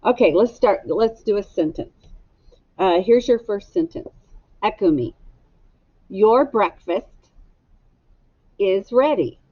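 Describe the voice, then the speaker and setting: A woman's voice: medium pitch, expressive, slow, pauses often, husky, highs cut off. A woman teacher giving a recorded phonics lesson for children, spelling words out letter by letter in a patient, encouraging way. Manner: gently encouraging.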